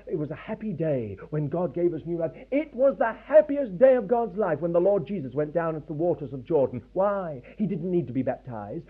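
A man preaching a sermon, animated and emphatic, with pauses. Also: high voice, husky. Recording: tinny phone-like old recording.

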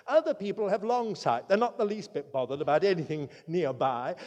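High-voiced man preaching in a reverberant hall. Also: expressive, darkish tone. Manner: storytelling, emphatic, slows words for stress. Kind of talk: sermon.

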